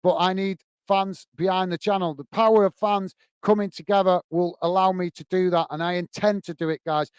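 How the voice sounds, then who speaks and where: A man's voice: high voice, fairly even intonation, a little fast, hardly any pauses, smooth, dry recording. A man hosting a football fan live stream, reading out viewer comments and replying in a frustrated, emphatic way that repeats points. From United Kingdom. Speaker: host of a football fan channel.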